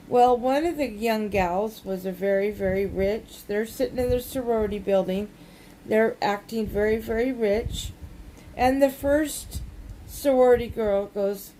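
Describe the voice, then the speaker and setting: A woman's voice: medium pitch, a little slow, warm tone, a little hiss or hum, rough recording. A woman chatting casually while she crafts, rambling and telling folksy jokes. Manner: folksy, rambling joke-teller. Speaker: crafting vlogger.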